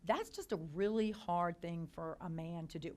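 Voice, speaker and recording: A middle-aged woman, a company founder and CEO, telling anecdotes to a business audience, chatty with quick restarts and quoted dialogue. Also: on the low side, darkish tone. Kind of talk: storytelling talk to a business audience. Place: lecture hall.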